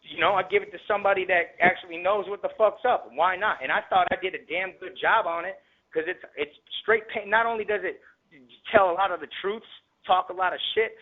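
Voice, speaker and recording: A man's voice: high voice, a little fast. A man from the Tampa Bay area, a rapper telling a story in an interview, in heavily profane streetwise slang that gets heated. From Tampa Bay area, Florida. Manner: grows heated and louder. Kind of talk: casual storytelling. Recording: tinny phone-line recording.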